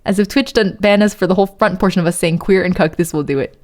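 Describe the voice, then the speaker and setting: A woman's voice: mid-range voice, rapid-fire, noisy background. A woman streamer chatting casually, giggly, thanking viewers and trying out lines of a song. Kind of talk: casual live-stream chat.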